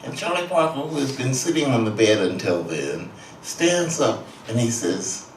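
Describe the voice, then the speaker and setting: A man's voice: mid-range voice, normal speed, a little hiss or hum. A man speaking as an author and guest at a public talk, telling a story at a leisurely pace and acting out the quotes. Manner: leisurely, animated storyteller who acts out the quotes. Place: event hall. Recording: roomy hall audio from a distance.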